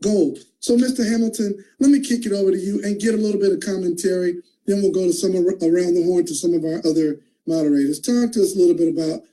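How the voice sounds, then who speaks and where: A man hosting an online call, moderating with excitable, emphatic hype. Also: sits high, fast talker, hardly any pauses, poor audio. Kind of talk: enthusiastic moderating.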